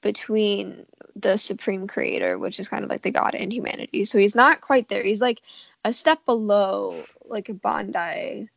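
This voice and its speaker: A woman co-hosting a casual chat, sassy and playful, filling her talk with "like". Her voice has a gravelly fry to it. The recording is dry and a little dull, like a lo-fi home mic. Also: mid-range voice, moderate pace, no room sound. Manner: sassy, playful, says "like" often. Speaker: podcast co-host. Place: lying on her bed at home.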